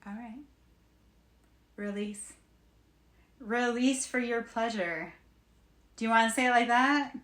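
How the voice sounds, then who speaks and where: Blunt, animated woman in an echoey room. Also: a little high, slow, long pauses. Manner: blunt and animated, swearing casually. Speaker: spiritual reader and livestream host. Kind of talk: casual livestream chat. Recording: roomy, echoey room sound.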